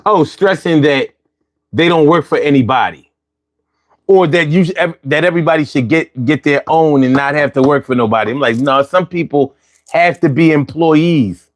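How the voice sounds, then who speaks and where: A man's voice: on the high side, moderate pace. Chatty slangy man riffing on a stream. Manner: loose, chatty, repeats phrases, slangy. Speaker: livestream host reading chat. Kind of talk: casual livestream chat.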